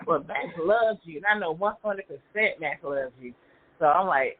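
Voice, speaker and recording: A man chatting as a podcast guest, telling animated, laughing stories in a casual conversation. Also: on the high side, normal speed, a little hiss or hum. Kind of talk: casual chat. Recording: tinny phone-like line.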